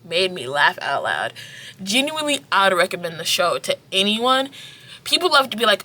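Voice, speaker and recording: Young woman vlogger, bright voice, animated and loose, swears freely, re-enacts scenes while recapping. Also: mid-range voice, fairly quick. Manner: animated, acts out scenes, swears, heavy filler "like". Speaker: vlogger reviewing a TV drama. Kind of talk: casual review chat.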